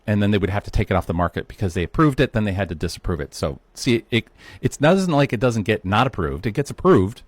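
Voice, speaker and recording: Man in his fifties, low voice, animated solo talk, rhetorical questions to viewers. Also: no echo. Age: 50s. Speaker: health talk host. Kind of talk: solo educational monologue.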